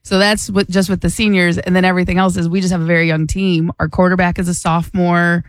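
A woman on a radio show, talking casually, tired and halting with many restarts. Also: lowish voice, flat delivery, no room sound, studio quality. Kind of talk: casual chat.

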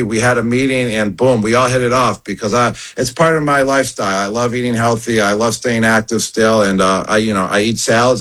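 A man's voice: medium pitch, a bit bright, low-quality recording. A man in his thirties, a radio show guest in casual chat, laid-back and upbeat, often calling people "man" and "baby".

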